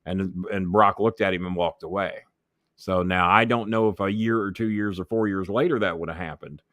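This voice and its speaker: Man, interview guest, low voice, dry close sound, cussing, acts out quoted voices. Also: steady tone, normal speed, a bit bright, no echo. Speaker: interview guest, former wrestling manager. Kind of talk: profane anecdotal storytelling.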